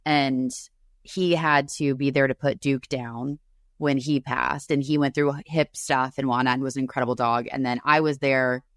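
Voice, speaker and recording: A woman's voice: extremely low pitch, fairly even intonation, normal speed, no echo, studio quality. A woman co-hosting a podcast remotely, comforting her friend in a rambling, tearful way. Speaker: podcast co-host. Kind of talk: casual chat. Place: separate room, remote recording.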